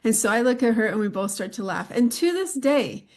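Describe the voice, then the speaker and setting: A middle-aged woman hosting a podcast, telling relaxed, rambling personal anecdotes with some laughter. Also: on the high side, fairly quick. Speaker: podcast host. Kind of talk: casual chat.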